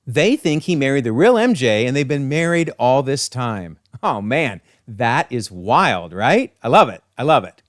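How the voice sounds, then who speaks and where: A man hosting a comic breakdown with enthusiastic, excitable commentary. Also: mid-range voice, a little slow, hardly any pauses, no echo, studio quality. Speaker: channel host.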